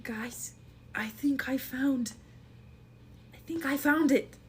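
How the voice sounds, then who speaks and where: A woman's voice: sits high, fairly even intonation, takes it slowly, slight background noise, pitched above the performer's own voice. A woman putting on a snappish male space crewman. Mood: awed.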